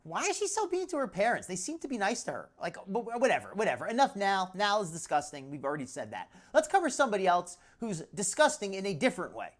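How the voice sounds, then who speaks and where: A woman's voice: mid-range voice, big pitch swings, quick pace, few pauses. A woman hosting a live commentary stream, chatting loosely, laughing often and breaking off mid-sentence. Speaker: livestream host. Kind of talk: live commentary on social media clips.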